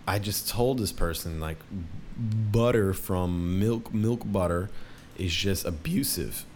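Young guy ranting, swears constantly, keeps restarting, lowish voice, bit of hiss behind. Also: a little mellow. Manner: profane, rambling, many restarts. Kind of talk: casual rant.

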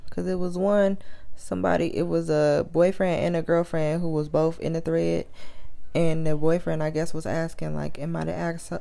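A woman's voice: moderate pace, gravelly. A woman co-hosting a casual podcast chat, retelling stories and acting out the people in them. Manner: animated storytelling, acts out quoted people in higher voices. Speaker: podcast co-host.

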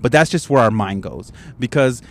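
A man's voice: mid-range voice, lively intonation, moderate pace, fairly bright tone. Profane man rambling in a parked car. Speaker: podcast host. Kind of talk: casual solo podcast monologue. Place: parked car at a gas station. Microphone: handheld microphone, wearing headphones.

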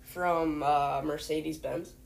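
A woman's voice: low voice, steady tone, slow pace, creaky, darkish tone, a little hiss or hum. A young woman hosting a homemade mock news show, rambling and hesitant, full of fillers. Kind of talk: playful mock newscast.

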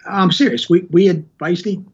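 A man's voice: high-pitched, quick pace, slightly rough, muffled recording. A man in casual conversation, rambling and correcting himself as he tells stories and gives advice on running an agency. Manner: rambling, self-correcting storyteller. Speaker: podcast guest.

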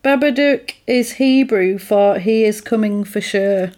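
A woman's voice: medium pitch, unhurried, a crowd in the background. A woman in casual chat, rambling through a film plot with lots of "like" and "sort of".

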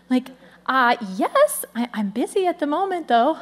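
A woman pastor in her thirties preaching in a friendly, conversational way. Her voice sits a little high, and she keeps the congregation engaged with quick asides. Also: big pitch swings. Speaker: lead pastor. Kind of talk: sermon.

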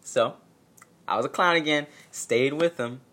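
At home with a dog nearby, a storyteller vlogger shares a personal tale in a casual vlog, sarcastic and self-mocking, acting out quotes in exaggerated voices. The voice is medium-pitched, a little slow, and a bit bright.

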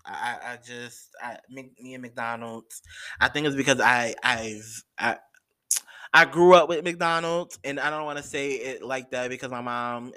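Male podcast host, bright and crisp, slow and gossipy. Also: medium pitch. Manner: animated and gossipy, with slangy asides and many fillers. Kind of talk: casual solo podcast chat.

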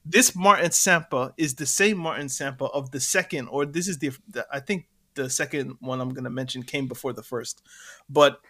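A man co-hosting a podcast, telling a story in animated casual chat and laughing between points. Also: mid-range voice, moderate pace. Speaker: podcast co-host.

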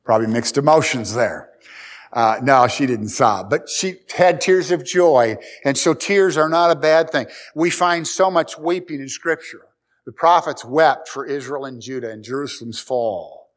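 A middle-aged man preaching a sermon, folksy and storytelling, swinging between loud and quiet. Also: medium pitch, a little slow. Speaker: pastor.

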